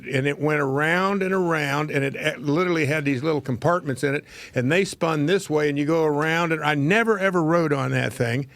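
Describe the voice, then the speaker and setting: A man's voice: fairly high pitch, dry recording. A man in his seventies hosting a talk show, telling a rambling, folksy story from his childhood and laughing at his own tales. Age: 70s. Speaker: host.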